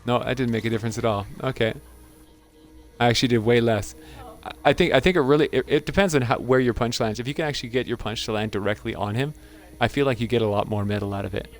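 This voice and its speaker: A man's voice: mid-range voice, fast talker, soft background music. A man hosting a gaming channel, giving casual gameplay commentary in an amused, chatty way and laughing often.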